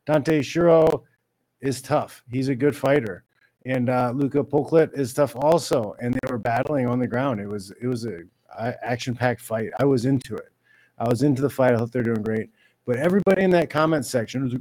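A man giving ranting commentary on a fight, exasperated and mocking, mimicking critics in a high whiny voice. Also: brisk, a little mellow. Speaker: MMA commentator.

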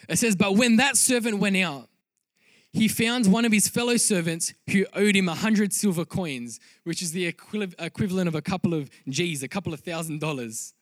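Earnest high-voiced man preaching. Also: no echo. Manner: earnest, builds to loud emphatic peaks. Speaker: pastor. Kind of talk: sermon.

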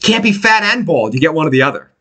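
Man, podcast host, casual chat, profane, lively pitch, slightly high voice. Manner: animated, profane, quick impressions.

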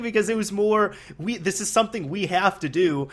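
A young man in casual chat, an animated storyteller who laughs often and uses many fillers. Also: high voice, fairly quick, hardly any pauses.

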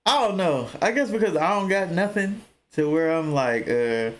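Animated young man with AAVE speech. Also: moderate pace. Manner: animated storytelling, swears a lot, jumps into loud high exclamations. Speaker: podcast co-host. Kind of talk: casual chat.

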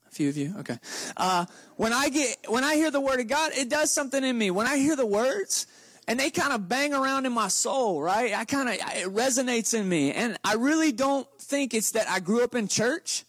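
High-voiced, energetic pastor preaching. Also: male voice, normal speed, dry recording. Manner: energetic, excitable, conversational preaching. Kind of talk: sermon.

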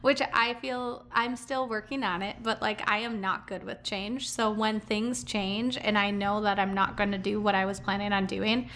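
A woman's voice: medium pitch, level tone, moderate pace, few pauses, fairly bright tone, slight background noise. A woman co-hosting a casual podcast chat, talking in a chatty, filler-heavy way and laughing often. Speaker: podcast co-host and business owner.

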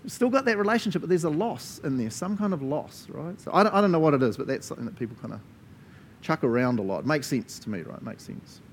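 A man's voice: a little high, animated, fast, a little hiss or hum. A man preaching a sermon as a pastor, earnest and conversational, laughing often between asides.

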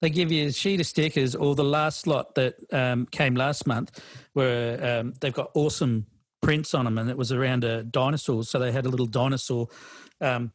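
Man, middle-aged, casual podcast chat, halting, dry recording. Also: mid-range voice, steady tone, no echo. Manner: rambling, full of fillers and restarts. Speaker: podcast co-host.

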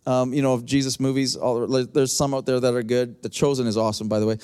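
A man's voice: medium pitch, level tone, fast, darkish tone, smooth. A man preaching a passionate sermon as pastor, with emphatic repetitions and direct asides to his congregation.

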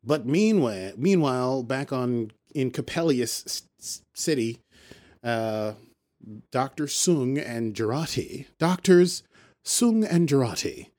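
Male podcast co-host, mid-pitched, casual rambling recap delivery with playful asides. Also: very animated, a little mellow. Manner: rambling, playful, does quick character voices when quoting.

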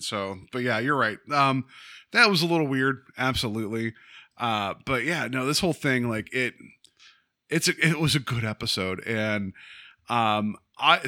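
An enthusiastic male podcast co-host with a bright, forward voice. He rambles, trails off and restarts his thoughts as he chats casually. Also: mid-range voice. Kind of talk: casual film chat.

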